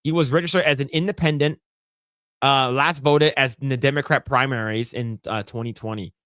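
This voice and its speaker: A man co-hosting a casual podcast, talking bluntly and profanely with lively storytelling. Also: mid-range voice, a little fast, clear, resonant tone, no echo, clean studio sound. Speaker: podcast co-host.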